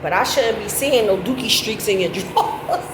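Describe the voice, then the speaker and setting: Middle-aged woman, casual storytelling, animated, profane, echoey sound, loud background noise. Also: moderate pace. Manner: animated, profane, laughs into high squeals.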